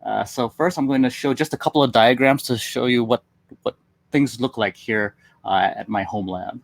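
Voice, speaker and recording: A man's voice: medium pitch, normal speed, vocal fry, no echo. A man who is a tech marketing engineer, presenting on a webinar in a casual, upbeat way with some fillers.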